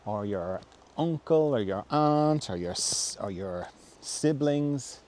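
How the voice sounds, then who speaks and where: A man answering a viewer's question in a gentle, reflective talk. He thinks aloud with pauses and restarts. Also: mid-range voice, lively intonation. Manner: softly acts out quoted voices, dropping to a whisper. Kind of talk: reflective spoken talk on self-help.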